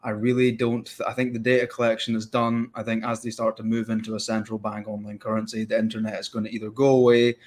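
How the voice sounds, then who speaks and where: A man's voice: fairly low pitch, completely flat delivery, quick pace, few pauses, darkish tone. A man hosting a podcast interview, talking in a fired-up, rambling way and acting out quoted voices. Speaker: podcast host. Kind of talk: casual interview chat.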